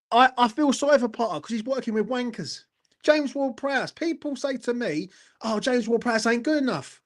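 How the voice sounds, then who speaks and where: A man, hosting a fan channel and ranting angrily after a match, swearing hard and repeatedly checking that the listener follows him, talking from indoors at a relative's house. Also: high-pitched. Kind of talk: angry post-match rant.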